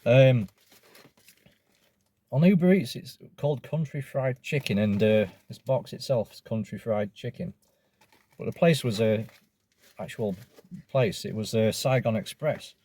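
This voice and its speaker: A man's voice: medium pitch, measured pace, long pauses, warm tone. A man with an Australian accent, casually rambling and swearing as he reviews takeaway food in a vlog.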